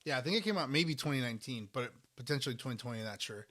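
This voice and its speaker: A man's voice: mid-range voice, lively intonation, rapid-fire, a bit bright. A man co-hosting a casual eating podcast, rambling and restarting as he talks with food in his mouth. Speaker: podcast co-host. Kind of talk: casual chat while eating.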